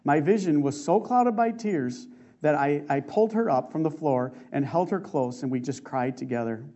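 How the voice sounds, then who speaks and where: A man preaching a sermon, reading a testimony aloud in an earnest, emotive way with slow dramatic stresses. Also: a little high, dark tone. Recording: muffled lo-fi recording.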